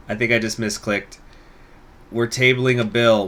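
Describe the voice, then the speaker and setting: A man's voice: mid-range voice, brisk, sharp tone. A man hosting a gaming channel, thinking aloud and muttering through let's play commentary, swearing now and then.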